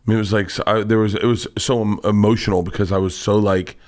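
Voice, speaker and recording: Speaking on the low side, a male guest comedian spins a meandering, foul-mouthed tale in relaxed conversation, full of fast restarts and animated retelling.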